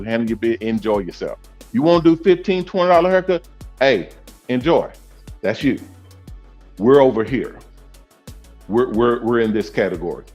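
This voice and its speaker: A man's voice: medium pitch, darkish tone. A man hosting a casual livestream from on the move, talking emphatically and repeating his points. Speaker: host, owner of a salon network. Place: mobile, in a vehicle.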